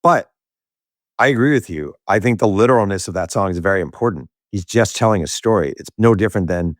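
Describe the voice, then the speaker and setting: In crisp studio sound free of echo, a deep-voiced man speaks briskly. He is an author on a podcast, and in this casual interview he tells a lively story, slipping into the voices of the people he describes.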